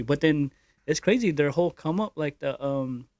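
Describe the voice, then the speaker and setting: A man's voice: medium pitch, a little fast, no room sound. A young man co-hosting a podcast in casual chat, rambling with lots of fillers and slang. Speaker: podcast co-host.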